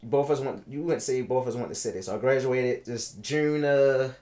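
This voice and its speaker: Guy in his 30s telling his story, animated, repeats himself to hammer a point. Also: brisk. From Baltimore, United States. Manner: animated, repeats himself, builds to emphatic highs. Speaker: podcast host telling his own story. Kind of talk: casual storytelling interview.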